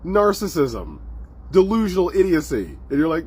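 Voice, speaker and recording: A man's voice: a little high, animated, normal speed, breathy edge. A man hosting a commentary video, ranting with mocking, repeated rhetorical questions and swearing. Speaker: host.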